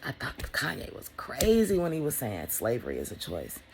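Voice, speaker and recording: A woman vlogger talking in a casual motivational monologue, blunt and profane, swinging between loud emphasis and hushed whispers. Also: rumbling low, wildly swooping pitch, normal speed, slight background noise.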